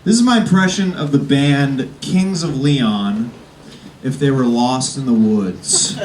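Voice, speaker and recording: A male comedian warming up a live crowd with a rambling stand-up set, full of fillers and self-aware jokes. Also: medium pitch, slow pace, far from the mic, background noise. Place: comedy club stage before a live audience. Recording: roomy live club sound from off-mic.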